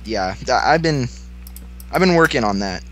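A man's voice: mid-range voice, lively intonation, moderate pace, fairly bright tone, soft background music, natural voice. A man voicing a tipsy male Russian vodka drinker with a put-on Russian accent, talking in a slurred, hesitant, joking way.

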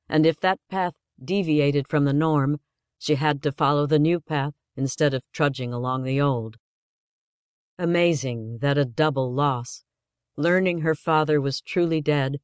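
A male audiobook narrator with a voice a little higher than most men's. He tells the story in an even, measured way. The recording is dry and close to the mic. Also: clear, resonant tone, no room sound. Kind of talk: scripted narration.

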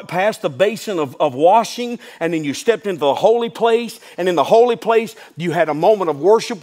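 A man's voice: high-pitched, darkish tone. A man pastor preaching a sermon, telling folksy stories and building to emphatic declarations. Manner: folksy asides, calls listeners "son".

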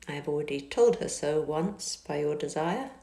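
A woman reading a novel aloud and voicing a proud, reserved young gentleman, speaking low, quietly and curtly. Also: expressive, normal speed, vocal fry, noisy background. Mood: cool. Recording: echoey car interior.

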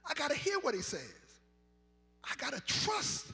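A high, bright, gravelly voice from a pastor in his fifties, rising and falling in a sing-song, whooping sermon cadence that climbs into shouts. He is recorded live in a large sanctuary, with long reverb and faint organ behind him. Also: sing-song, normal speed. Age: 50s.

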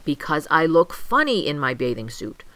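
A woman's voice: sits low, very animated, normal speed, exaggerated voice. Grumpy fussy toad, as a grandmother puts him on. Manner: whiny, huffy, prone to wailing and shouting.

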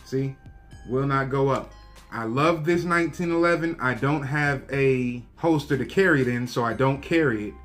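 A man casually reviewing a handgun, talking straight to his viewers in a relaxed, slangy way. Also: medium pitch, moderate pace, faint music behind. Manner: laid-back, slangy, talks to viewers directly. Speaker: gun review vlogger. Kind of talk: casual show-and-tell review.

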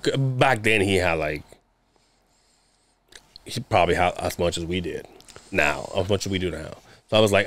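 A man's voice: deep voice, a little fast, long pauses. A young adult man co-hosting a podcast in casual chat, rambling and swearing, laughing often. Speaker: podcast co-host.

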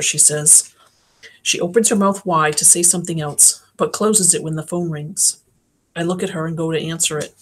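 A woman narrating a novel in the first person for an audiobook. Her delivery is plain and even, pitched on the low side. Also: moderate pace. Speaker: audiobook reader.

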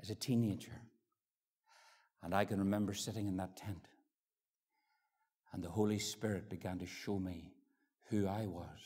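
A Northern Irish man in his fifties preaching an evangelistic sermon, swinging from ringing pleas to hushed near-whispers. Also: deep voice, steady tone, unhurried, pauses often, husky. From Northern Ireland. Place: church hall. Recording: echoey hall with long reverb.

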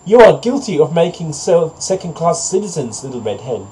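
A man's voice: on the high side, very animated, normal speed, dark tone, slight background noise, poor audio. A man voicing a male farmer who lectures a hen in a storybook reading. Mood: lecturing. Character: preachy, scolding male farmer.

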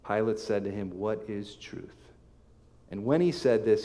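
A man preaching a sermon as pastor, reading scripture aloud with emphatic swells and sudden soft drops. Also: fairly low pitch, moderate pace. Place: church sanctuary. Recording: long hall reverb.

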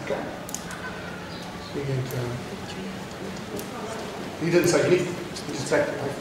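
A New Zealand man speaking as a children's author to a school audience, lively and joking as he acts out a story. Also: medium pitch, measured pace. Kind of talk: storytelling talk to students. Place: large school hall. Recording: echoey hall, mic far off, noisy.

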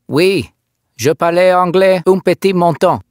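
A man's voice: sits high, measured pace, clean tone, no room sound, pitched above the performer's own voice. A man voicing a confident male French policeman in his thirties who speaks with a thick French accent, in a dry, close recording. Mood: polite. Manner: thick accent, clipped, questioning.

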